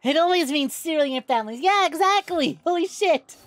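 A young woman streaming a game, chatting casually with viewers, excitable and quick to swear. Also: high-pitched, dry recording. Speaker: VTuber streamer. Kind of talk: casual gameplay stream chat.

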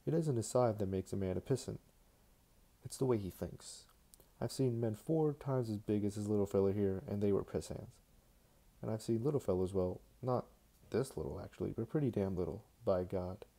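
A man's voice: lowish voice, moderate pace, vocal fry, mellow. A man reading a novel aloud, voicing a blunt, boisterous drunk middle-aged man who swears freely.

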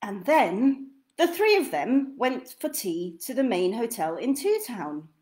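Reading aloud from a children's picture book, a woman uses a lively, sing-song storyteller's delivery. Her voice is a little high and she reads a little slowly.

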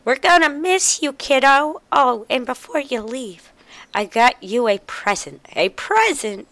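A woman's voice: high voice, expressive, unhurried, a bit bright, no echo, pitched above the performer's own voice, exaggerated voice. A woman reading a fond game mom. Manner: read aloud from game dialogue. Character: warm mother saying goodbye to her child.

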